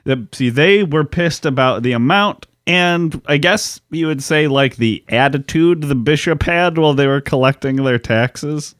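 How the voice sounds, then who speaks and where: A man's voice: a little high, unhurried, few pauses, fairly bright tone, no echo, studio quality. A man co-hosting a podcast, recounting grim history in a laid-back, wry way. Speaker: podcast co-host, history researcher. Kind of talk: casual chat mixed with history recounting.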